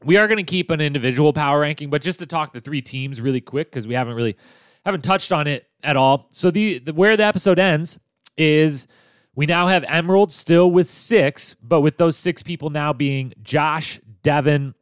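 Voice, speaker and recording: A man's voice: on the high side, moderate pace, smooth, dry recording, studio quality. A man hosting a podcast, chatting casually through a recap of a TV episode in an upbeat, loose way with fillers and restarts. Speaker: podcast host.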